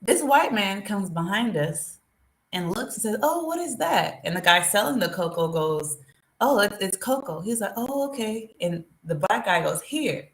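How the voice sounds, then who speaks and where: A woman hosting a live stream, talking straight to her viewers in an animated, chatty way. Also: medium pitch, normal speed. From United States. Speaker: vlogger. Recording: roomy echo.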